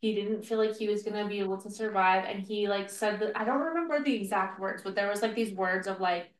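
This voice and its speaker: A woman's voice: medium pitch, brisk, few pauses, recorded from a distance. A middle-aged woman co-hosting a podcast, telling a story in a casual, chatty way full of "like" fillers. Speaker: podcast co-host. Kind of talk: casual chat. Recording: roomy, a bit off-mic.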